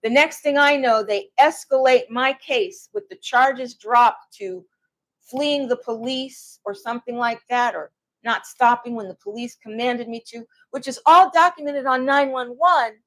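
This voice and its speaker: A woman recounting her own hard experiences in a personal, emotional way, with halting restarts. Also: fairly high pitch, a bit bright. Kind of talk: personal account to camera.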